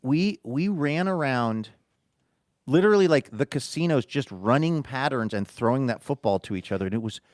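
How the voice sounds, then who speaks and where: A man's voice: mid-range voice, lively intonation, normal speed, dry recording, studio quality. A man co-hosting a podcast, telling a rambling, self-amused story in casual chat. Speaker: podcast co-host.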